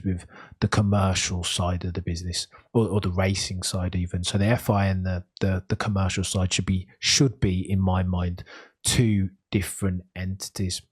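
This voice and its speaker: Birmingham-born guy hosting a podcast, lowish voice, earnest and explaining things. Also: breathy edge. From Birmingham, England. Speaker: podcast host. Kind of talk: casual podcast commentary.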